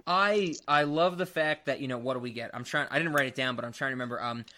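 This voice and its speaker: A man hosting a casual movie podcast, animated, laughing and swearing freely. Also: medium pitch, fast. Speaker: podcast host. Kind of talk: casual movie review chat.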